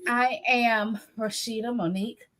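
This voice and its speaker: A woman's voice: on the high side, a little slow. Easygoing woman host, a bit out of breath. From Michigan. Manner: relaxed, easygoing, teasing. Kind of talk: casual chat.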